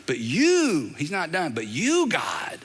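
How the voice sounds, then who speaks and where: A middle-aged man preaching a sermon from a church stage, emphatic and animated, with dramatic repetition. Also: on the high side, slow pace, slight background noise. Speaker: pastor. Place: large church auditorium. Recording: long reverb of a large hall.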